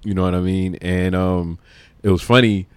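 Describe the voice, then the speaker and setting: A man, a podcast guest telling slangy, animated stories and laughing often. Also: low voice, normal speed, smooth, dry recording. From Brooklyn, New York. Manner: animated, slangy storyteller who acts out quotes and laughs often. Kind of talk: casual storytelling interview.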